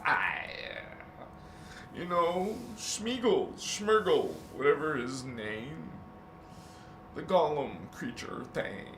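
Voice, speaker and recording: A man's voice: on the high side, animated, very slow. A man hosting a spiritual video channel, talking in a casual, joking way with crude slang and laughing at his own jokes. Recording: roomy echo with faint noise.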